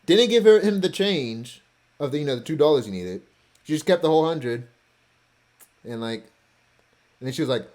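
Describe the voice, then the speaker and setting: Lively rambling man vlogger. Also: a little high, moderate pace, long pauses. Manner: meandering, self-joking asides. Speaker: vlogger going through his cruise photos. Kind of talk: casual rambling commentary.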